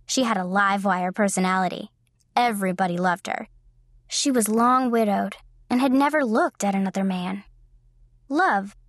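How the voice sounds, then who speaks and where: A woman reads a novel aloud in an even, measured scripted narration. Her pitch sits in the middle range. The sound is close and dry, from a studio mic. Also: dry recording. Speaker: audiobook narrator.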